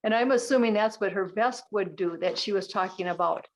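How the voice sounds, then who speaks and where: An older woman speaks over a video call at a mid pitch. She tells her story plainly and chattily, with a homely turn of phrase. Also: brisk, poor audio. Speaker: support group member. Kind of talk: casual group video call.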